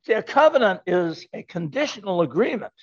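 An older man preaches to a congregation in a church sanctuary, his high voice very animated and a little fast. He's emphatic and keeps repeating his key words. The recording has a dull, lo-fi quality.

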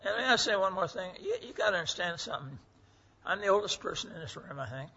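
A man's voice: sits high, lively intonation, fast talker, bright, forceful tone, slightly rough. A man, preaching a folksy, earnest sermon full of stories. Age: 80s. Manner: folksy, earnest, acts out quoted voices. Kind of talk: sermon with storytelling. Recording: muffled lo-fi recording.

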